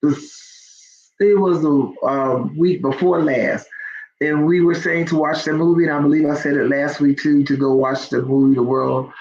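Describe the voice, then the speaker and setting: A woman's voice: low voice, fairly even intonation, normal speed, a little mellow, muffled recording. A woman hosting a live faith talk for online listeners. She speaks conversationally with many ums and builds into emphatic exhortation.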